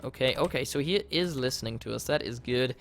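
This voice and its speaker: A young man casually commenting on his game during a livestream, rambling and easily flustered, and often breaking into loud, panicked yelling. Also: mid-range voice, a little fast, gravelly, a little hiss or hum. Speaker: livestreamer playing a modded block game.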